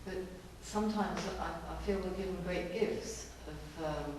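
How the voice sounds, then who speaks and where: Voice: mid-range voice, unhurried. Hesitant audience member, distant and echoey. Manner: hesitant, with fillers. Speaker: audience member asking questions. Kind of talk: questions in a group discussion. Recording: distant, roomy, noisy hall.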